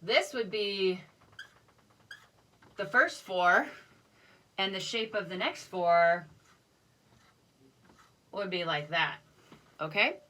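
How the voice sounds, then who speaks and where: A woman's voice: mid-range voice, lively intonation, slow, pauses often, pushed and bright. A woman band teacher recording a video lesson, counting off beats and explaining patiently with self-deprecating asides.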